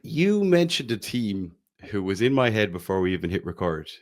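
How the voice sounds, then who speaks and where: A man's voice: lowish voice, very animated, normal speed. An Irish man from Galway co-hosting a football podcast, rambling enthusiastically and often restarting his sentences. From Ireland, County Galway. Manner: rambling, self-correcting, enthusiastic. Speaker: podcast co-host. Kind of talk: casual football podcast chat.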